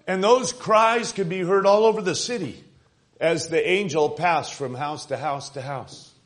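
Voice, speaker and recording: Male preacher, high-pitched, deliberate sermon delivery, repeats for emphasis. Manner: emphatic, addresses congregation as friends, repeats words.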